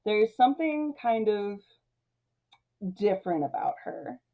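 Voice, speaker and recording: A woman's voice: mid-range voice, expressive, measured pace, mellow. A woman hosting a movie review, recapping the plot in a chatty way, laughing often and leaning on "like" and "you know.".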